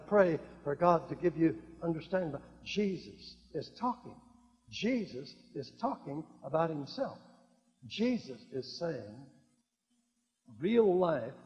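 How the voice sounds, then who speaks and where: Older male preacher, high, in a hall. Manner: swings from loud exclamations to hushed, drawn-out phrases. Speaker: evangelist preacher. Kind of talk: sermon. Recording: dull lo-fi recording in a reverberant hall.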